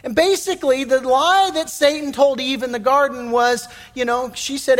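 A middle-aged man preaching a sermon as pastor, telling stories in a folksy, animated way with many restarts. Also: very high voice, moderate pace, in a large hall. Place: church sanctuary.

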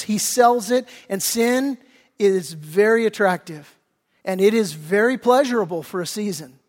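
A man with a high-pitched voice delivers a sermon as pastor. He swings between loud, emphatic lines and hushed, earnest pleading. His voice carries a long reverb, like a large church hall.

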